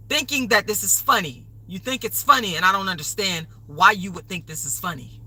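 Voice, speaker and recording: A woman's voice: on the low side, animated, fast, hardly any pauses, bright, forceful tone, poor audio. A woman hosting a livestream, delivering an angry, profane, repetitive rant. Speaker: livestream host.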